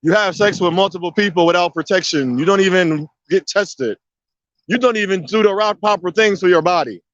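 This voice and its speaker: A man talks in a casual monologue, pressing each point again and again and firing rhetorical questions at the listener. His voice sits a little high for a man. The recording is muffled and dull, with a dry, close sound and no room echo. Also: fairly quick, fairly bright tone. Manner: emphatic, repetitive, drives points with rhetorical questions. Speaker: video commentator.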